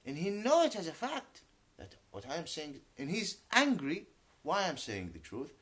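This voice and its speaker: A man's voice: a little high, wildly swooping pitch, moderate pace, fairly bright tone, slightly rough. A man whose first language is Arabic, ranting emphatically in an unscripted video and repeatedly swearing that he is telling the truth, switching between English and Arabic. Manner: emphatic, indignant, swears to his honesty. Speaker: YouTuber. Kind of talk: unscripted vlog rant.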